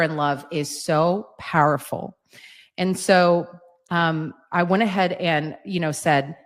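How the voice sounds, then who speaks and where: A middle-aged woman giving a webcast talk, telling a story fervently and earnestly, with frequent "right?" asides. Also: lowish voice. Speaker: speaker at an advocacy webcast.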